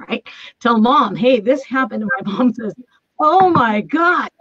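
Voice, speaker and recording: A woman with a fairly high voice tells a long personal story in a relaxed, talkative way. She often laughs and acts out the lines she quotes. The remote call audio is dull and dry. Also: dry recording. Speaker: guest.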